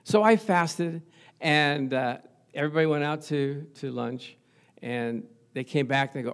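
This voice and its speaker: This sixties-aged pastor's voice is medium-pitched, moderately paced, and clean as he tells comic tales of married life from the pulpit. He laughs frequently and keeps asking the congregation, "Amen?"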